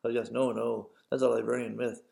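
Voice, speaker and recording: A man's voice: medium pitch, level tone, fairly quick, gravelly, dark tone. A man voicing a small, polite male pterodactyl with a British accent, courteous and fussy, in a storybook read-aloud.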